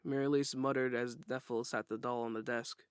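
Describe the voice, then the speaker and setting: A man narrating a first-person audiobook in a steady, plain storytelling way. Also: mid-range voice, normal speed, clear, resonant tone, dry recording, studio quality.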